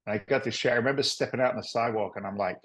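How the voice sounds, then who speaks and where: A man's voice: medium pitch, racing, a bit bright, poor audio. A middle-aged man, a guest on a podcast, telling candid, rambling stories in casual talk and now and then cursing. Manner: candid, rambling, salty, with frequent "right?" asides. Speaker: podcast guest, real estate investor. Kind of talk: casual storytelling interview.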